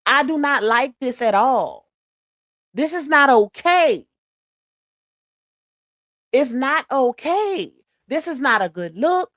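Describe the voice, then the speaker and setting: A woman's voice: high-pitched, animated, slow pace, long pauses, a bit bright, dry recording, studio quality. A woman from Louisiana hosting a casual livestream, talking bluntly and emphatically straight to her viewers. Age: adult mother. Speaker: livestream host.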